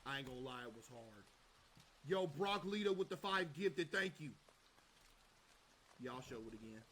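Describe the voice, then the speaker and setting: A man's voice: a little high, normal speed, fairly bright tone, slight background noise, rough recording. A young man livestreaming in casual chat, joking and bragging in loose slang.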